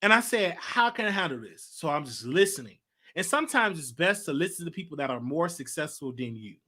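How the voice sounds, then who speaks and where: A man hosting his own show, telling a story in a chatty, animated way with slang asides. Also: on the high side, fairly quick. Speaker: host. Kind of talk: casual livestream talk.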